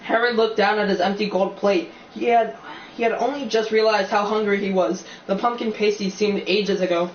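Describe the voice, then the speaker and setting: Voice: medium pitch, steady tone, normal speed. Amateur reader with slips and restarts. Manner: reads with slips and restarts, chatty asides. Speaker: audiobook reader. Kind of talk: amateur audiobook reading. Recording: dull, roomy, distant recording with faint hiss.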